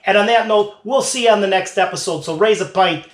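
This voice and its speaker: Playful higher-voiced man reviewing beer. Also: echoey room. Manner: playful, drawn-out tasting commentary. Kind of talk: casual tasting review.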